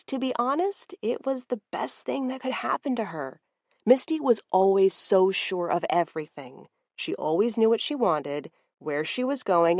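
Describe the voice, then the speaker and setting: A woman reads a first-person story aloud in a calm, even, lightly amused way, her voice at a middling pitch. The recording is close and dry, with no room sound around it. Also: no room sound. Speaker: audiobook narrator. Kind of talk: first-person audiobook narration.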